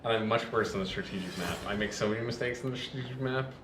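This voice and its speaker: A man's voice: lowish voice, quick pace. A man casually chatting and joking while playing a strategy game, laughing easily. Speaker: let's play host. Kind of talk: casual gameplay chat. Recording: echoey room with noise.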